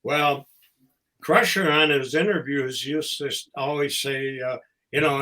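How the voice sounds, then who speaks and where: Slow, bright-voiced older man telling stories. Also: mid-range voice, rough recording. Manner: halting, fond storytelling, with pauses between phrases. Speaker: podcast guest, former wrestling promoter and ring announcer. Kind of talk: casual anecdotal storytelling.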